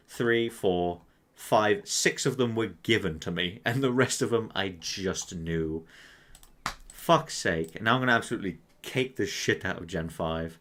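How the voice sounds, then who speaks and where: A man's voice: on the low side, fairly bright tone. A young man playing a quiz at his computer, thinking aloud in casual, self-mocking commentary full of swearing. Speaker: quiz player. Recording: clear mouse clicks behind.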